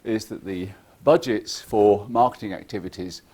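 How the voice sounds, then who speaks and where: A man giving a lively, irreverent conference talk, joking with the audience and acting out what clients say. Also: lowish voice, moderate pace, slightly rough. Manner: acts out clients' lines in quoted voices. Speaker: conference speaker. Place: conference hall.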